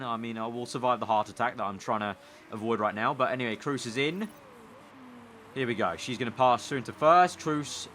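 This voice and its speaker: An excitable young man from the United Kingdom talks through his racing management game with a bright, forceful voice. He mutters strategy to himself and begs the cars home. A faint hiss sits under the recording. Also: medium pitch. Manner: animated, excitable, pleading and cheering at the screen. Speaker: gaming YouTuber. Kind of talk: let's play commentary.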